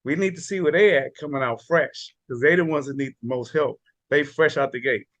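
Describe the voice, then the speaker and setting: A man lays out the purpose of a mentor group in loose, slangy speech, repeating words as he goes. His voice is a little higher than most men's, and the sound is dry. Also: brisk, fairly bright tone, no echo, dull audio. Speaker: support and mentor group leader. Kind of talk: casual group talk.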